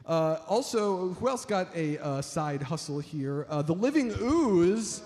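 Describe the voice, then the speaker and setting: Performing stand-up for a live crowd, this man speaks at a measured pace in a fairly high voice with big pitch swings. He rambles, uses lots of fillers, and calls listeners folks, all captured in an echoing hall full of crowd noise.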